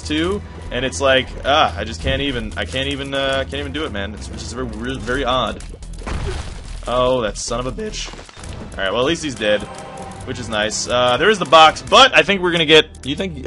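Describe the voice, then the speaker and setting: A young man giving casual gameplay commentary, rambling off-topic and swearing, with sudden loud outbursts. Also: medium pitch, animated, a little fast, faint music behind.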